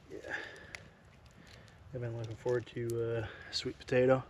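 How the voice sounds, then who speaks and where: A man vlogging a solo camping trip at a forest campsite, talking casually to the camera as he cooks and camps. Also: medium pitch. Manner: easygoing, talks to camera while cooking, sometimes murmurs softly. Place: forest campsite outdoors by a fire. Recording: outdoor noise in the background.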